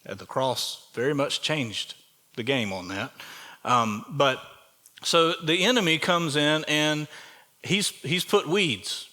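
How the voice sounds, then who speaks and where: A man's voice: on the high side, slow, pushed and bright. A man with a Southern US accent preaching a sermon as pastor of a church, in a conversational way, asking the congregation questions as he goes. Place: church sanctuary.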